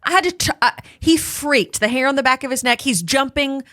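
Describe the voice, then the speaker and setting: Young woman cohost, bright sound, animated storyteller in a dry studio. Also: high-pitched, fairly quick, no echo. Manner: animated storyteller, jumps into quoted voices. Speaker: podcast co-host. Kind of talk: casual chat. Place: podcast studio. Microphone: studio mic.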